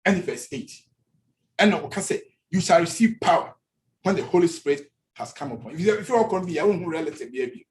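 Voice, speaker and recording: A man's voice: fairly high pitch, lively intonation, quick pace. A male pastor with a Ghanaian accent preaching a sermon in church, switching between languages and repeating phrases for emphasis.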